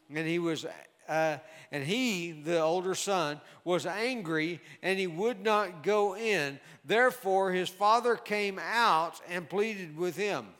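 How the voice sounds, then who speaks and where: High-voiced slow preacher, reverberant hall. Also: male voice, a bit bright, smooth. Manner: measured, emphatic Bible exposition. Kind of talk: sermon. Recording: long reverb of a large hall.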